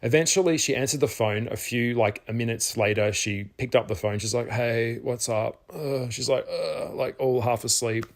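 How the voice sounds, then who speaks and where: A middle-aged man, telling a personal story in a casual vlog, animated, with some swearing. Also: mid-range voice, normal speed, hardly any pauses. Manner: animated, swears, acts out his own past shouts. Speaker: spiritual vlogger.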